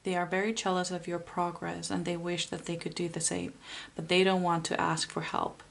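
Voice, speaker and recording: A woman giving a pick-a-card tarot reading, talking softly and encouragingly with frequent pauses and fillers. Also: fairly low pitch, flat delivery, creaky. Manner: soft, unhurried and encouraging, with many fillers.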